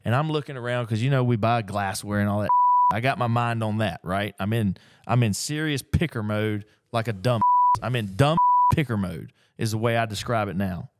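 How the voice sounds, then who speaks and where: A middle-aged man, telling a story in a casual, folksy, animated way as an antiques picker. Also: fairly low pitch, moderate pace, a little hiss or hum. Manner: animated, folksy, acts out the people in his stories. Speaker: antiques picker and auction dealer. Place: auction gallery.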